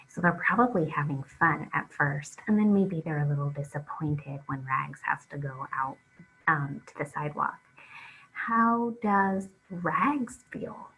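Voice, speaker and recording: A woman teaching an early reading lesson, reading aloud slowly and patiently for young children to follow along. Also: fairly low pitch, lo-fi sound.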